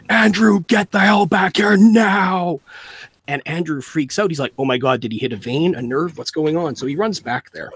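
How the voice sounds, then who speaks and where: A man telling an animated story from his job at a tattoo shop, raising his voice to act out the people in it. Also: medium pitch, breathy edge. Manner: animated, acts out quoted people in a raised voice. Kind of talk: casual storytelling on a livestream.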